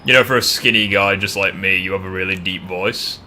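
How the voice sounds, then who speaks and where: A man chats casually over his gameplay, joking with his viewers. His voice is fairly low but bright and forward. A faint hiss sits under it. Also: fairly even intonation, fairly quick. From England (York). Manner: joking, banters with chat. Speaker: streamer host. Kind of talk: casual gaming stream chat.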